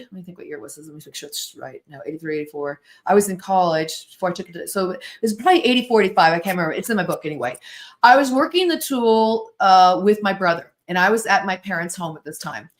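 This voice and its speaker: An American woman in her sixties, a podcast guest who tells stories in an animated way and acts out the voices and sounds in them. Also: mid-range voice, quick pace. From United States. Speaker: guest, spirit-board author and therapist. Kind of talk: storytelling in a podcast interview.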